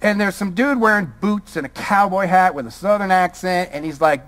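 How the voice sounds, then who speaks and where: A man's voice: high voice, normal speed, few pauses, fairly bright tone. A man from Brooklyn giving a college lecture, firing a string of rhetorical questions at the audience. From Brooklyn, New York. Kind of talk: public lecture.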